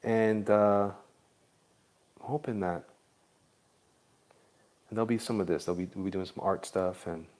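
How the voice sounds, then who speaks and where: A man's voice: lowish voice, steady tone, moderate pace, pauses often, darkish tone. A man in Florida chatting casually with viewers on a livestream while he draws, laid-back and jokey. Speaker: livestream artist.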